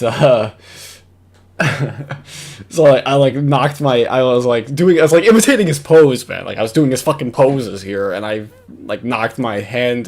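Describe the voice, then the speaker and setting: A man's voice: mid-range voice, a little mellow. A young man hosting a casual reaction commentary from home, mocking and profane, rambling with lots of fillers and laughs. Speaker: commentary host. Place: home recording setup. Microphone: wired headphones with computer mic.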